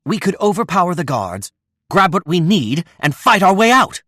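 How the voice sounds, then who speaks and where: Lively asura warrior. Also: male voice, high-pitched, normal speed, no room sound, studio quality, full character voice. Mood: eager. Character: bold small male asura warrior. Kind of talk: video game voice acting.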